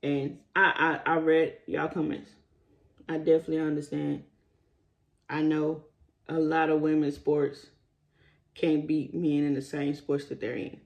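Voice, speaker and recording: Animated man ranting straight to viewers. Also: fairly high pitch, measured pace, gravelly, long pauses, muffled recording. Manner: animated, rising to indignant emphasis; talks straight to viewers as y'all. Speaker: commentary vlogger. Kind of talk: casual opinion vlog.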